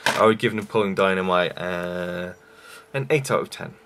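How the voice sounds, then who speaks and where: A man's voice: on the low side, fast, background noise. A young man reviewing a film in a rambling, enthusiastic way with many fillers. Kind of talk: casual vlog review.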